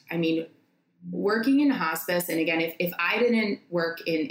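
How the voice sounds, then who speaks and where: Low-voiced woman in her 30s telling stories, halting, lots of likes, echoey room. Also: vocal fry. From United States. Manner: heartfelt, halting with many restarts and "like" fillers. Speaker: podcast guest, nurse practitioner. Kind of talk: casual conversation.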